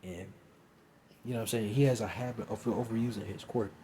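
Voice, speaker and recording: A man's voice: on the low side, steady tone, a little fast, background noise. A young man casually improvising a fan story, rambling with lots of fillers. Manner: rambling, filler-heavy, says "you know what I'm saying" often.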